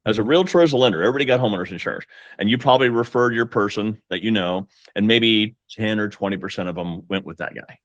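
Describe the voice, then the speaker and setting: A man's voice: on the low side, fast talker, no room sound, lo-fi sound. A man talking as a guest mortgage coach, with an emphatic, pep-talk delivery. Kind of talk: casual podcast conversation.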